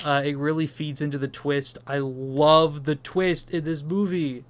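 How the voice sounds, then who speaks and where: A man's voice: a little high, fairly even intonation, a little slow. A young man co-hosting a casual movie review podcast, enthusiastic and swearing casually. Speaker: podcast co-host.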